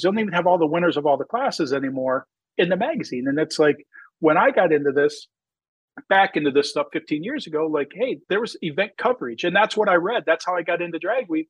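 A man with a husky voice that sits a little high, telling a rambling story about his racing and magazine work. He talks casually, uses lots of fillers, and gets more animated when he quotes himself. The recording is dry and a little dull and lo-fi. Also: dry recording. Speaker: drag racer and magazine founder.

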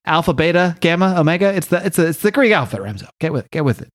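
A man's voice: on the high side, sing-song, very fast, a little hiss or hum. A man co-hosting a casual podcast, tossing in teasing, joking asides. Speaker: podcast co-host.

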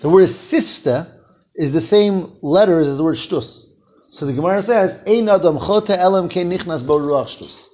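A man's voice: sits high, moderate pace, darkish tone. A man leading a text-study class, reading Hebrew phrases aloud, translating them and asking his students questions. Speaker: Torah teacher.

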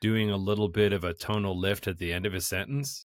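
Deep voiced guy, wry and dry, close dead sound, podcast chat. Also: steady tone, brisk, no room sound. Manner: wry, articulate, dryly joking. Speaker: podcast co-host. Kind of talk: casual film review chat.

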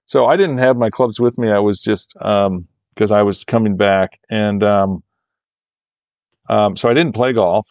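A man's voice: on the low side, measured pace, darkish tone, no room sound, dull audio. A man, a golf course architect, telling a long, rambling anecdote in a casual interview and livening up when he quotes other people. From Michigan, USA.

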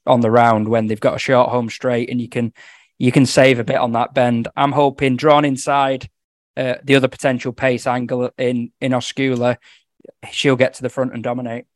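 A man giving casual horse racing tips on a podcast, talking quickly through form with a joking edge. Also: medium pitch, level tone, dry recording, clean studio sound. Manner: quick, chatty form analysis with jokes. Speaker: racing tipster.

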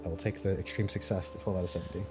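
A man playing a tabletop horror game, deliberately talking through his character's plans out loud. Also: deep voice, steady tone, over music. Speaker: player.

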